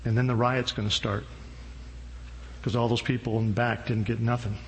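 A man's voice: medium pitch, little pitch movement, normal speed. A male pastor preaching a sermon in a casual, slangy, humorous storytelling way. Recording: long hall reverb, faint noise.

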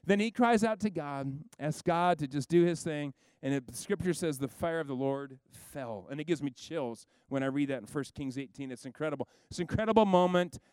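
A man delivers a sermon with lively storytelling, acting out the people in his Bible story. His voice is smooth, clear and a little high, and it is recorded dry and close. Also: fairly quick, hardly any pauses, dry recording. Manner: animated storytelling, acts out biblical figures with a raised voice. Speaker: preacher.

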